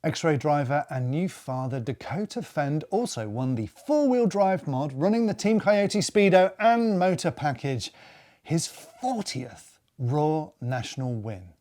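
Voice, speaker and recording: A man's voice: fairly high pitch, sing-song, measured pace, a little mellow. A man co-hosting a casual racing news show, chatty and joking as he reads headlines. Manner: chatty, jokey, thinks aloud. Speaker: news co-host.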